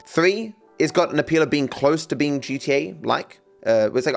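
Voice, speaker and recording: A man's voice: fairly high pitch, expressive, moderate pace, creaky, few pauses, soft background music. A man with an Australian accent chatting casually on a live stream, rambling and sounding out words to demonstrate them.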